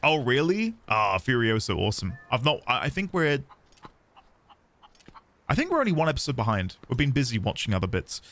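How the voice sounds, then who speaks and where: A man's voice: mid-range voice, huge pitch swings, a little fast, fairly bright tone. A man chatting casually on a live game stream, rambling and self-deprecating.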